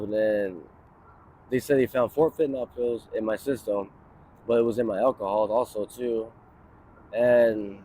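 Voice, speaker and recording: A man in his thirties with a warm, mid-range voice tells a long story in a casual street interview, outdoors on a city street near a bus stop. He rambles, swears often, and leans heavily on fillers like "you know" and "like."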